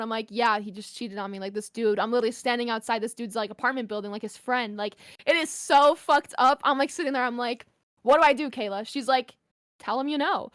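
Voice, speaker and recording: A young woman, a podcast guest, telling a story in casual chat, animated and swearing freely with lots of "like". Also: on the high side, no echo, studio quality.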